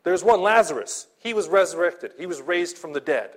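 With a high, expressive voice at normal speed, a male pastor preaches as though in conversation. He keeps turning to his audience with "right?" and "okay?", restarts and repeats words, and laughs lightly now and then.

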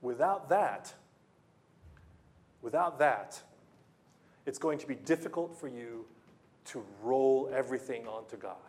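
A man's voice: medium pitch, a little slow, long pauses, a little mellow. A man preaching a sermon, emphatic, repeating phrases and putting rhetorical questions to the congregation.

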